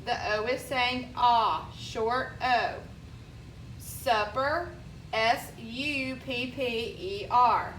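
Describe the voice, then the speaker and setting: Woman teacher, fairly high and clear, unhurried and patient, spells words out letter by letter; echoey room. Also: a bit bright, slight background noise. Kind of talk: recorded classroom reading lesson.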